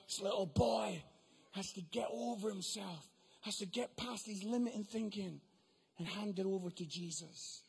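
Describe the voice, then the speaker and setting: A male preacher, giving an excitable sermon in a church venue that builds into emphatic shouting. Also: sits high, normal speed, gravelly, slightly rough. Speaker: guest preacher.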